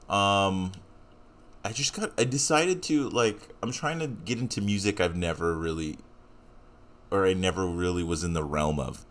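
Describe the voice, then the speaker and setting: Low-voiced rambling young podcast host. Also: male voice. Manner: rambling, self-deprecating, filler-heavy. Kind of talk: casual solo podcast intro.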